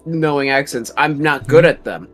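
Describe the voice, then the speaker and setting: A man's voice: mid-range voice, moderate pace, fairly bright tone. A man chatting casually with friends, chatty and poking fun at himself. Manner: chatty, self-mocking. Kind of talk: casual group chat on a livestream. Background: faint background music.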